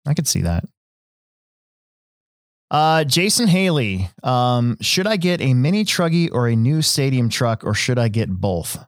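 A man's voice: medium pitch, sing-song, measured pace, no room sound, studio quality. A man from Nebraska hosting a podcast, telling stories in a rambling casual way with lots of fillers and restarts. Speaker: podcast host. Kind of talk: casual chat.

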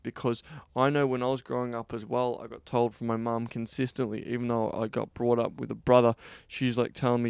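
A man in a casual podcast monologue with a gravelly yet smooth voice that stays flat in pitch. He talks bluntly and profanely and rambles through restarts. The sound is dry and close. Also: no room sound. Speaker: podcast host and sex coach.

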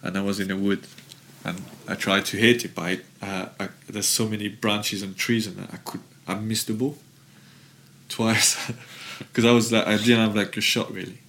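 A man's voice: lowish voice, normal speed, slight background noise. A man, a former footballer, guest on a podcast, telling long rambling anecdotes with lots of fillers. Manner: rambling, filler-heavy, animated storytelling.

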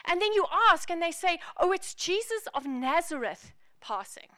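A woman pastor preaching a sermon in an animated, playful, emphatic way. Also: extremely high pitch, moderate pace, no echo, studio quality.

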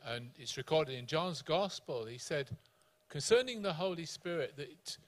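A man guest pastor with a South African accent, explaining scripture in a measured, teaching way. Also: a little high, expressive, fairly bright tone.

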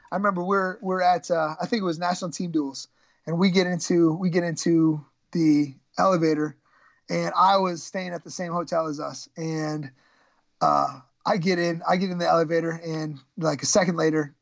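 A man's voice: fairly high pitch, vocal fry, no room sound, dull audio. A middle-aged man, a former college wrestler, telling stories as a guest, rambling and self-mocking, with many fillers and restarts. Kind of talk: casual storytelling interview.

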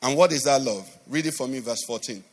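In a reverberant church hall, a male pastor with a mid-range voice preaches fairly quickly. He uses sing-song emphasis and keeps firing call-and-response questions at the congregation.

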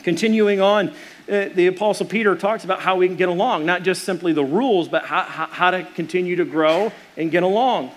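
A man's voice: high-pitched, fairly quick. A middle-aged man preaching a sermon, earnest and storytelling, with restarts and fillers. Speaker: pastor.

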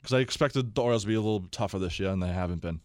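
A young man, co-hosting a casual sports chat and telling animated stories with acted-out quotes. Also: lowish voice, racing, no echo, clean studio sound. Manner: animated storyteller, acts out quotes. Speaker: podcast co-host.

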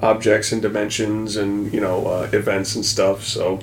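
A man co-hosting a casual gaming podcast, relaxed and halting, often trailing off. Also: fairly low pitch, echoey room, slight background noise. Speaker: podcast co-host. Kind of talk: casual game discussion.

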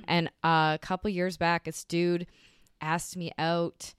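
A woman from Canada retells a bad date in a loose, animated way, swearing freely. Her voice sits a little low and sounds smooth and clear. The recording is dry and close. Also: slow, no echo. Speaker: guest. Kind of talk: casual storytelling.

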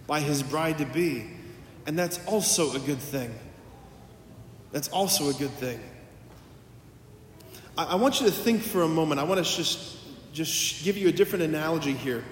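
A man's voice: a little high, measured pace, long pauses, a little hiss or hum. A man, a priest, delivering a homily in a conversational storytelling manner, acting out quoted dialogue. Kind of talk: sermon. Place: church. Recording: echoey church from a distance.

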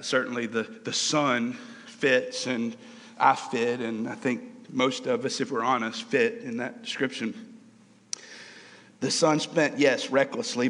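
A man preaching in a large hall, his words trailing into a long reverb. He speaks earnestly, swelling with emotion and then dropping soft, and leans on repeated phrases. His voice sits at an ordinary mid pitch. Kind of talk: sermon.

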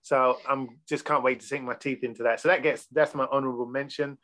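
A man's voice: medium pitch, steady tone, brisk, fairly bright tone. A man in casual podcast chat about films, talking in a loose, profane, enthusiastic way. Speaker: podcast panelist.

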